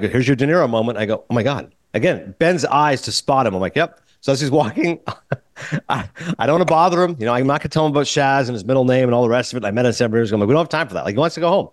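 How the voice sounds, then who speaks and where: A man hosting a podcast, telling stories in a lively, casual way and acting out conversations. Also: mid-range voice, dry recording, studio quality. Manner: animated storyteller, acts out quoted exchanges. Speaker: podcast host.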